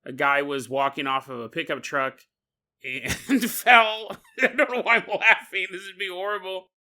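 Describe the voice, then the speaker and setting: A man hosts a podcast and tells a story as a jokey monologue, laughing often. His voice is high and very bright, with a sharp edge. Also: normal speed. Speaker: podcast host.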